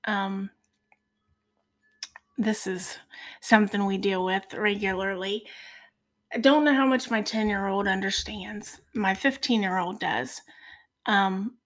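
A middle-aged woman speaking as a podcast guest in a heartfelt faith conversation, earnest and soft-spoken. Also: mid-range voice, slow pace, pauses often.

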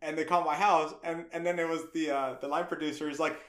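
A man's voice: fairly high pitch, fairly even intonation, fast, a bit bright, roomy sound. A middle-aged man from the United States, a guest animator on a podcast, telling a story with acted-out voices, frequent laughs and casual swearing.

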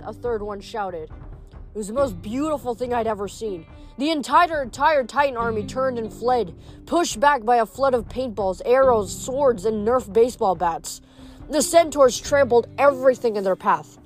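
Woman reading a novel aloud, higher voice. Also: lively intonation, moderate pace, darkish tone, faint music behind. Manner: casual reading with frequent slips and restarts. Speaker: reader.

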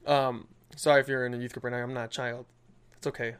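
Fast-talking young man telling stories. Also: medium pitch. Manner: animated storytelling with lots of filler. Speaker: podcast co-host. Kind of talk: casual chat.

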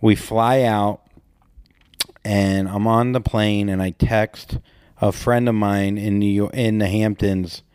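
A man's voice: lowish voice, steady tone, slow, darkish tone, smooth, no echo, studio quality. A man co-hosting a podcast, telling crude, joking stories in casual chat. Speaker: podcast co-host.

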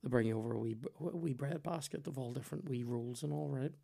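A man, hosting a podcast and telling animated, sweary stories in casual chat. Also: mid-range voice, quick pace, gravelly. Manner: animated, sweary, acts out voices in his stories. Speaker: podcast host.

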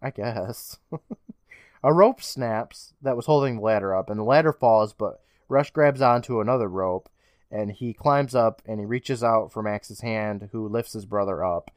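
A man's voice: on the low side, a little slow, no room sound. Young guy retelling a tv episode, swears a lot, wry, dry close mic. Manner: profane, wry storytelling. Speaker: podcast co-host. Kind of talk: casual episode recap.

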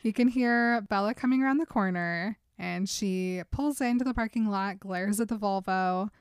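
A woman co-hosting a casual podcast, retelling a book's scenes with frequent laughter and quick put-on character lines. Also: mid-range voice, smooth, no room sound, studio quality. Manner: giggly, acts out character lines in quick voices. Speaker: podcast co-host retelling a book. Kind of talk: casual chat, animated retelling.

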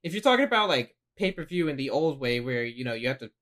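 A man hosting a wrestling podcast in casual chat, animated and laughing often as he acts out quotes. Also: medium pitch, quick pace. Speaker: podcast host.

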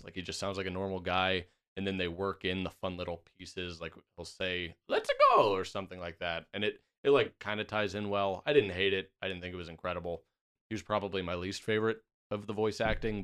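A young man with a very low, smooth, resonant voice talks casually on a podcast. He is opinionated and laughs easily, with a loose, friendly delivery. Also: a bit bright. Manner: chatty, laughs often, opinionated. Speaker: podcast co-host. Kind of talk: casual chat.

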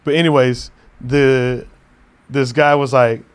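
A man's voice: medium pitch, fairly even intonation, slow pace, clear, resonant tone. A man chatting casually as a podcast co-host, laid-back, laughing often and swearing now and then. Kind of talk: casual chat.

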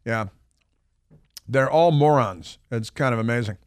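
A man's voice: medium pitch, unhurried, clear, resonant tone, dry recording. Sarcastic male talk radio host, dry. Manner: sarcastic, mocking. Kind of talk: opinion talk radio monologue.

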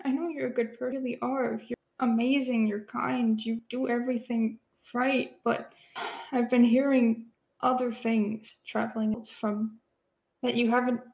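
A woman's voice: a little high, little pitch movement, moderate pace, vocal fry, darkish tone, roomy sound, rough recording. A woman playing a tabletop role-playing game, talking hesitantly with many fillers and nervous laughs. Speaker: player.

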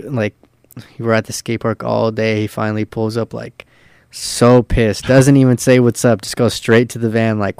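A young man chats casually, his voice low-pitched and clean. He spins rambling stories thick with swearing and filler words. The sound is dry and close to the mic. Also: flat delivery, moderate pace, creaky, darkish tone, clear, resonant tone, no echo. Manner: loose and profane, full of fillers. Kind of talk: casual storytelling.

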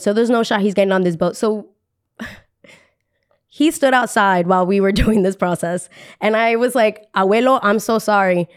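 A young woman from New Jersey, a podcast host telling a dramatic story with lively quoted voices. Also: fairly high pitch, clear, resonant tone.

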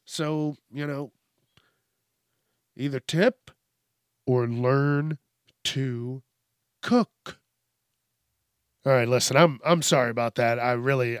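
A man hosting a casual comedic news show, ranting in a profane, animated way. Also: mid-range voice, slow pace, pauses often, no echo, studio quality. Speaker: show host.

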